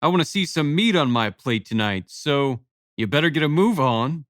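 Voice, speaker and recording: Reading an audiobook, a man voices a brash, teasing father full of boisterous, sarcastic ribbing, pitching himself above his natural voice into a fairly high, bright, expressive register at a moderate pace. The studio recording is clean with no room sound.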